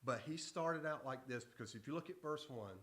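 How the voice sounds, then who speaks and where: A man's voice: medium pitch, fairly quick, fairly bright tone. A man preaching to an adult church group, telling stories in a folksy, conversational way. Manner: folksy, conversational storytelling with self-interruptions. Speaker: pastor. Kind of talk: casual Bible teaching to adults. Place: church hall. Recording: echoey church room.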